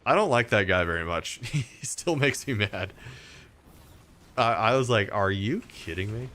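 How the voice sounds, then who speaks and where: A man's voice: mid-range voice, expressive, measured pace, sharp tone. A man from Texas, a gaming streamer, rambling through a story in casual chat with lots of fillers and restarts.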